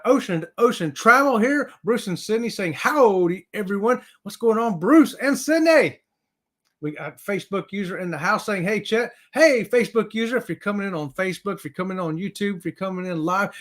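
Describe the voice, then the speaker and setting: A man's voice: sits high, a bit bright. Upbeat man hosting a livestream. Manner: upbeat, hypes up viewers, says y'all. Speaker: livestream host. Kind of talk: casual livestream chat.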